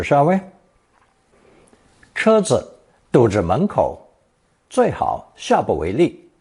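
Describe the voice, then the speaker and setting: A man narrating a scripted language lesson, reading example sentences slowly and then translating each one. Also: mid-range voice, darkish tone, husky. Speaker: language teacher.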